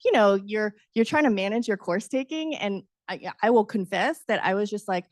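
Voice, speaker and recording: A middle-aged woman, a book author, telling a lively personal story at a book talk, laughing often and acting out her younger self. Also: medium pitch, moderate pace, no room sound, studio quality. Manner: animated, acts out her past self, laughs often, says "right?". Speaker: author guest.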